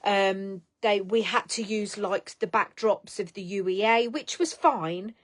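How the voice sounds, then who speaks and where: A woman's voice: medium pitch, a little slow. A middle-aged woman hosting a casual live stream, chatting bluntly, swearing freely and giving tough-love pep talks to viewers.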